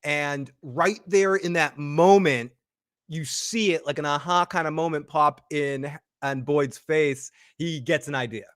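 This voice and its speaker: A man co-hosting a TV episode recap, talking excitedly and acting out the characters' lines. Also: fairly high pitch, measured pace, no echo, clean studio sound. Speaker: podcast co-host.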